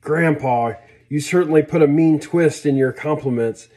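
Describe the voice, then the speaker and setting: A man's voice: on the high side, normal speed, darkish tone, lightly acted. A man voicing a cheerful, eager sixteen-year-old girl in a read-aloud story. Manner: eager, coaxing.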